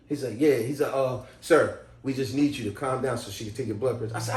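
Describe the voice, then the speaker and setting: A man vlogging an animated personal story, laughing and jumping into loud, excited outbursts when quoting himself. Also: mid-range voice, quick pace, few pauses. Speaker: video creator telling a personal story. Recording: roomy echo, from off the mic.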